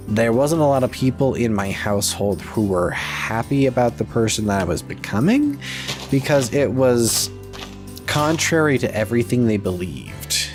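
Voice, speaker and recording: A man giving casual gameplay commentary, rambling to himself as he plays and drifting into halting personal stories. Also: medium pitch, big pitch swings, faint music behind. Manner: rambling, talks to himself while playing; reminisces in a loose, halting storytelling way. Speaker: let's play host.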